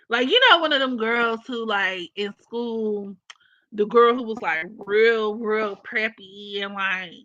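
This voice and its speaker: A woman gives blunt, opinionated takes in slangy casual chat. Her voice is bright and fairly high. The recording is dry and slightly muffled. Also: no echo. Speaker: astrology vlogger.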